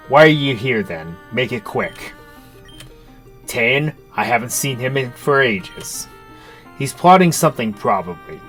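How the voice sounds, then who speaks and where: A man's voice: medium pitch, fairly bright tone, natural voice. A man voicing a cold, scornful villainous cult leader, reading game dialogue in a contemptuous mutter.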